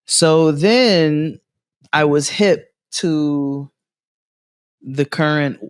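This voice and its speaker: A man's voice: fairly high pitch, drawn-out words, clean tone, no echo, clean studio sound. A man co-hosting a podcast, telling a story in casual chat and acting out the people in it, laughing often. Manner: animated storyteller, jumps into quoted voices, laughs often. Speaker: podcast co-host.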